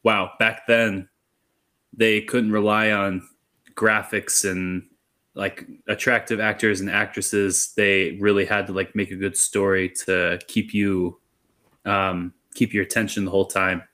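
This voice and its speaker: A man's voice: lowish voice, little pitch movement, measured pace, pushed and bright. A man on a film-review podcast who rambles in a laid-back way, with lots of fillers. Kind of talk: casual film-review chat.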